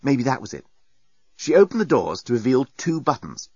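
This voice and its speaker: A man narrating a storybook in an expressive, animated reading. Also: medium pitch, moderate pace, breathy edge, no room sound. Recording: dull lo-fi dry recording.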